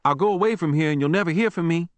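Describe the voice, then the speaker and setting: A man's voice: on the high side, very fast, dry recording, pitched above the performer's own voice, natural voice. A male narrator voicing an earnest, anxious young boy who pleads and pants. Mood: pleading. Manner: pleading, breathless.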